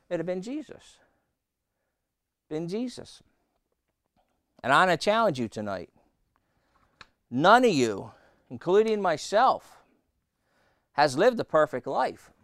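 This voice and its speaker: A man preaching a sermon, emphatic and repetitive, quizzing his listeners and slowing down to read scripture. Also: sits high, sing-song, no echo, studio quality. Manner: emphatic, repeating phrases and asking the congregation questions; slows right down on scripture quotes.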